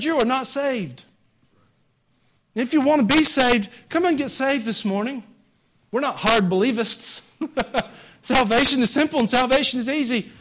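A man preaching a sermon to his congregation. He talks conversationally, pushing some lines out loud and dropping others to quiet joking asides. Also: extremely high pitch. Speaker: pastor. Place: church sanctuary.

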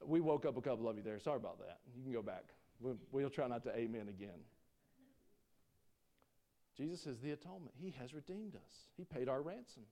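A man preaching a sermon, folksy and joking with the congregation, swinging between loud preaching and quiet asides. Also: medium pitch, lively intonation, brisk. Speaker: pastor.

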